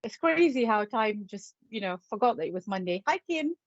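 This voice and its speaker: A woman's voice: a little high, animated, brisk, no room sound, dull audio. A woman hosting as a psychic medium, greeting viewers by name in a chatty, playful way. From England. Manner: chatty and playful, laughs often. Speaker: psychic medium and spirit artist. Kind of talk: live-stream chat greeting viewers.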